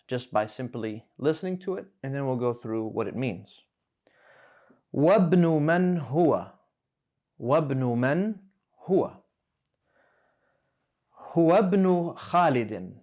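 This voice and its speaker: A man gives a language lesson at a whiteboard, patient and steady. He slows down to spell out each word and repeats phrases so students can follow. His voice sits at an ordinary middle pitch for a man. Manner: patient, explains slowly and repeats words. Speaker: Arabic teacher.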